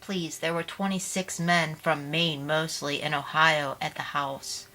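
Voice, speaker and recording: A woman's voice: low-pitched, level tone, a little slow, sharp tone, faint music behind, heavily acted. A woman voicing a weary young mother, speaking earnestly.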